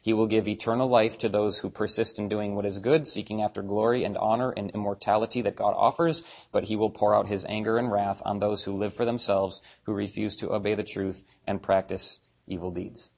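A man preaching a conversational sermon, animated, acting out quoted voices as he reads scripture. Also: on the low side, fairly quick, vocal fry, hardly any pauses. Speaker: pastor.

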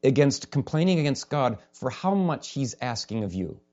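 A man's voice: medium pitch, very animated, moderate pace, darkish tone. A male pastor preaching an impassioned sermon, sometimes raising his voice to a holler. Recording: dull lo-fi recording.

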